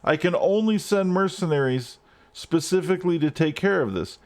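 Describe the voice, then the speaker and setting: A man's voice: on the high side, animated, normal speed. A man streaming gameplay live, ranting and swearing at the game as he plays. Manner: frustrated, swearing, rants at the game.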